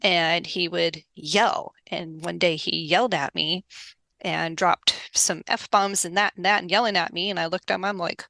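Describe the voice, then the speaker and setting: A middle-aged woman telling workplace stories as a podcast guest, animated and laughing often, acting out the people she quotes. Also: lowish voice, normal speed, creaky, no room sound. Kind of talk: casual storytelling interview.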